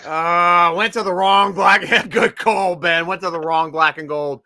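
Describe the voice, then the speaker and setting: A man hosting a casual live draft stream, joking and excitable, laughing often. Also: sits high, measured pace, few pauses, dry recording, studio quality.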